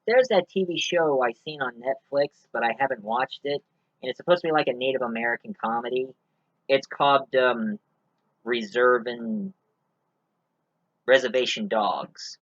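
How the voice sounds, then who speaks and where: A man's voice: medium pitch, moderate pace, muffled recording. Casual male movie reviewer, rambling and jokey. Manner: rambling, many fillers, joking asides.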